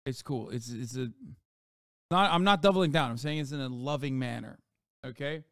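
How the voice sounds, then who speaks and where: Sarcastic streamer man with a smooth voice. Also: medium pitch, normal speed, a bit bright, no room sound, studio quality. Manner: profane, sarcastic ranting. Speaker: livestreamer. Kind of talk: livestream reaction commentary.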